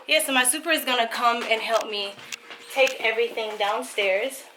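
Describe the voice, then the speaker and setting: A young woman vlogging from her apartment, telling a story in a casual, animated way with lots of "like" fillers. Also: fairly high pitch, normal speed, slight background noise. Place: apartment, indoors.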